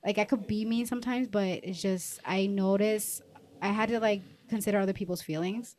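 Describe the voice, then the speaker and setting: A woman co-hosting a podcast, chatting casually in a quick, rambling way with many fillers and loud acted-out quotes. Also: medium pitch, fairly even intonation, a little hiss or hum. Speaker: podcast co-host. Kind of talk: casual chat.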